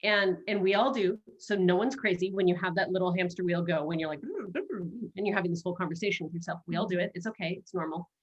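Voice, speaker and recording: Animated woman coaching on a video call. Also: on the low side, fast, few pauses, dull audio. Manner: animated, playful, jumps into quoted self-talk. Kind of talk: casual conversational coaching.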